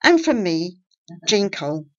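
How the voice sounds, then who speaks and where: A woman reading local news and closing the programme as its editor, in a clear, measured way. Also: mid-range voice, sing-song, no room sound. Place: small local studio. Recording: dry, slightly dull studio recording.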